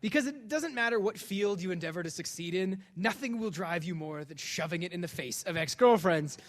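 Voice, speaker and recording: A man giving a lecture as a comic story, animated and self-deprecating, acting out the dialogue. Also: high voice, a little fast.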